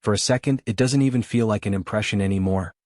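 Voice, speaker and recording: A man narrates a scripted voice-over in a somewhat low, measured voice, building each line with a dramatic pause. The recording is close and dry, with no room sound. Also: darkish tone, dry recording.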